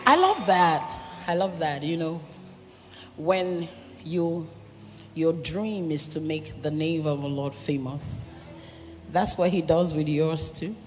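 Slow, heartfelt woman accepting an award. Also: low voice, slight background noise. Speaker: music minister receiving an award. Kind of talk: grateful acceptance speech. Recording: echoey hall with music behind.

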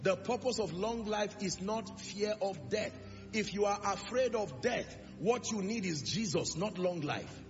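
High, gravelly-voiced male preacher. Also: animated, measured pace. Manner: emphatic preaching with rhetorical questions. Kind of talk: sermon. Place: church. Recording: reverberant lo-fi hall recording with music.

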